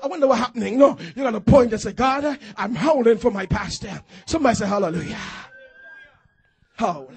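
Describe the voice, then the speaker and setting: A man's voice: extremely high pitch, a little mellow, slightly rough. A man pastor preaching a fervent call-and-response sermon in a church, urging the congregation to repeat phrases after him.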